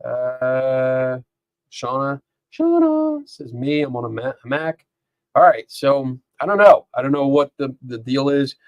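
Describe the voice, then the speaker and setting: A man's voice: mid-range voice, fairly even intonation, a little slow, clean tone, dry recording. Chatty man hosting a live stream. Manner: rambling, chatty, laughs often, reads chat aloud. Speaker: podcast host. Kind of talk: casual live-stream chat. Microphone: dynamic microphone.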